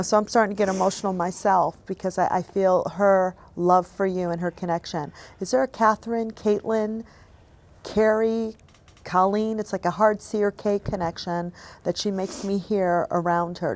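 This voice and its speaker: Gentle, emotional woman medium. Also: mid-range voice, steady tone, moderate pace. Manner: gentle, apologetic and emotional, often dropping to a soft hush. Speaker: psychic medium host. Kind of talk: giving a reading to a guest.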